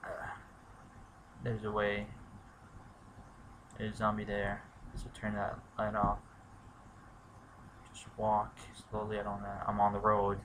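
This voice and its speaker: A man giving let's play commentary, muttering to himself and swearing, breaking into shouts when things go wrong. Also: fairly low pitch, monotone, slow, long pauses, a little hiss or hum. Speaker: gamer.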